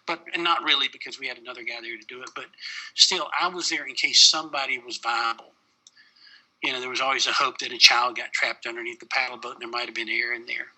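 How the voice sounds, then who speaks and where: A man's voice: medium pitch, steady tone, fast talker, pushed and bright, poor audio. A middle-aged man, a paramedic, telling a personal story in an interview, plain-spoken with many fillers.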